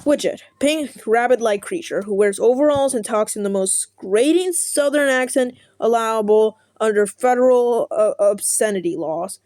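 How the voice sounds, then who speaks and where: A woman's voice: on the high side, normal speed, hardly any pauses, darkish tone, no echo. Sarcastic young woman reading aloud. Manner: sarcastic, profane, stumbles over words. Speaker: content creator. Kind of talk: reading an article aloud with commentary.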